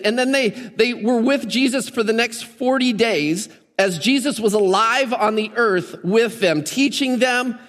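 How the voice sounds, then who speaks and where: A man's voice: very high voice, fairly bright tone, in a large hall. A man in his fifties, a lead pastor giving a casual, joking sermon with many fillers in a church auditorium.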